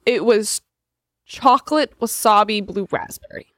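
A woman's voice: medium pitch, unhurried, fairly bright tone, dry recording, clean studio sound. A young woman co-hosting a casual chat, playful and bickering. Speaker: co-host.

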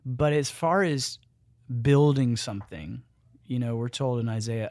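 A man, a guest author and musician, talking in an animated, joking yet earnest way in a casual conversation. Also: mid-range voice, a little slow, dry recording, clean studio sound.

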